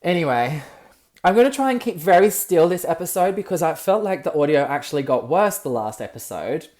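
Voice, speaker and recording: A young Australian man hosting a solo comedic podcast, campy and expressive, ranting and swearing freely. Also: on the high side, a little fast. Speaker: podcast host.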